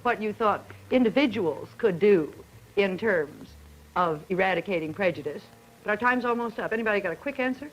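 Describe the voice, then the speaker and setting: A woman moderating a 1950s broadcast student panel, asking poised, brisk questions and introducing guests. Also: medium pitch, lively intonation, rough recording.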